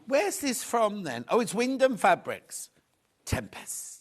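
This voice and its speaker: A man's voice: high-pitched, very animated, measured pace. A man presenting fabrics on a live TV shopping show, chatty and rambling, full of anecdotes.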